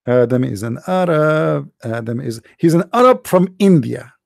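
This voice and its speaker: A man's voice: a little high, animated, moderate pace, creaky, a little mellow, no echo, studio quality. A man with an Arabic accent, a non-native English speaker, giving a sarcastic, incredulous monologue as he reads from a screen. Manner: sarcastic, incredulous, mimics sneezes. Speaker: online religious commentator. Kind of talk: mocking monologue reading from a screen.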